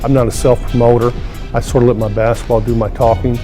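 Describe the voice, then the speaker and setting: A man's voice: medium pitch, little pitch movement, fast talker, over music. A retired star speaking modestly and gratefully about his career in an interview. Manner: modest, reflective.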